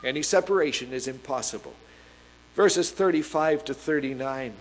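A man preaching a sermon in an earnest, emphatic way, reading scripture aloud and slowing down to stress key words. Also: medium pitch, rough recording.

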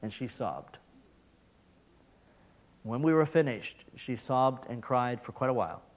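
A middle-aged man preaching a sermon as a missionary, telling a story and asking rhetorical questions, swinging from loud emphasis down to hushed whispers. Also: medium pitch, lively intonation, measured pace, a little hiss or hum.

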